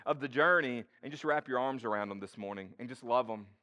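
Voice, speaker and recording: Brisk and medium in pitch, a man preaches to his church congregation, speaking to them directly. He keeps the sermon casual, with a conversational, expressive delivery.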